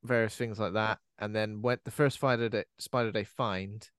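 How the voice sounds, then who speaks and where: A man's voice: fairly low pitch, fairly even intonation, moderate pace, a bit bright, clean tone, no room sound, studio quality. A man co-hosting a podcast, talking about a film in a laid-back, casual way, often trailing off or asking questions. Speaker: podcast co-host. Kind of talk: casual chat recapping a film.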